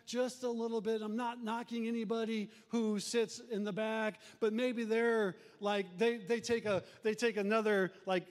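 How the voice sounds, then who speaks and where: A middle-aged male pastor preaching a conversational sermon, animated and acting out church members. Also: high-pitched, normal speed. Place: church sanctuary. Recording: long reverb of a church hall.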